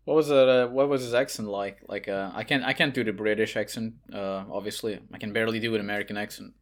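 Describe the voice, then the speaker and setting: A man's voice: on the low side, steady tone, quick pace. A man from Portugal with a Portuguese accent, a podcast guest talking casually with many fillers and restarts. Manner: rambling, frequent fillers and restarts.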